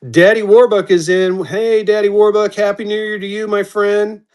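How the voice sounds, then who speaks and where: A man's voice: high-pitched, level tone, normal speed, darkish tone, smooth. A man hosting a live-stream auction, chatting casually and calling out bidders as they come in. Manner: upbeat, chatty, calls out bidders.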